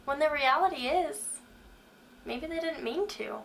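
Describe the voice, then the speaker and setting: Earnest woman with a bright voice. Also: sits high, unhurried, creaky, a little hiss or hum. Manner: earnest, asks the listener direct questions. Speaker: Christian speaker. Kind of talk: faith-based motivational talk.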